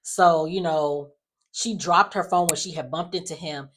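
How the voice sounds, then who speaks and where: A woman chatting casually in a sassy, animated way, sighing and acting out lines in quotes. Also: sits low, measured pace, slight background noise. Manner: animated, sassy, acts out characters in quotes, frequent sighs. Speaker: soap opera recap vlogger. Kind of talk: casual recap chat.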